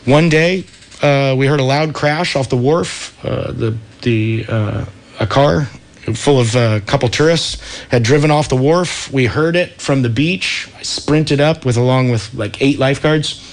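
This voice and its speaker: A man's voice: medium pitch, unhurried. A man in his thirties from California, telling a story as a guest on a radio talk show in a laid-back surfer way, full of dude and like. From Santa Cruz, California. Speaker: radio show guest, wetsuit company founder.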